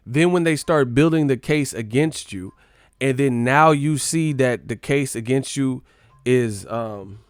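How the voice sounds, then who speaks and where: A young man hosts a casual live stream, riffing in loose slang and calling out to his viewers. His voice is smooth and clear, recorded close and dry with no room sound. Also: mid-range voice, no room sound. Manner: loose, joking, slangy, talks to chat.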